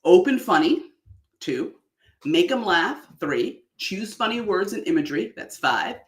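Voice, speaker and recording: Woman speaking coach, lively up-and-down delivery, laughs often, roomy echo. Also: mid-range voice, a little slow. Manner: animated, exaggerated delivery with frequent laughs. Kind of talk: online workshop talk.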